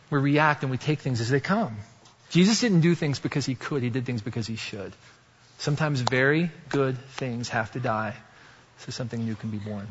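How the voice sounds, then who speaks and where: A man's voice: fairly high pitch, a bit bright, husky. A male pastor giving a conversational sermon, often checking in with the congregation with "right?". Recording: dull sound with long reverb.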